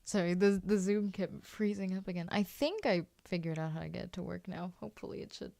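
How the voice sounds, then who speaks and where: Flat, mellow woman hosting a call. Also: mid-range voice, a little fast, creaky, dry recording. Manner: filler-heavy, "like" and "you know". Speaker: host of a voice-acting workshop. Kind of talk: casual video-call hosting. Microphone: video call.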